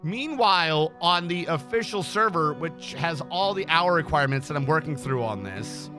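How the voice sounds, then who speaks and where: A man's voice: a little high, expressive, normal speed, pushed and bright, faint music behind. A man streaming, chatting casually and rambling, swearing freely as he tells stories. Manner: rambling, swears freely, acts out dialogue in anecdotes.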